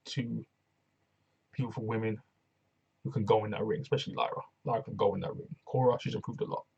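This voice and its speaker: A man casually reviewing a wrestling show alone, slangy and excitable, often repeating himself. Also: fairly low pitch, fast talker, gravelly, breathy edge, muffled recording.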